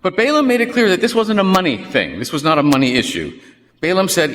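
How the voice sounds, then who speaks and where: A man preaching a sermon in a church, telling a story with wry, animated asides. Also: fairly high pitch, fairly quick, a little hiss or hum. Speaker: pastor. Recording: long reverb of a church hall.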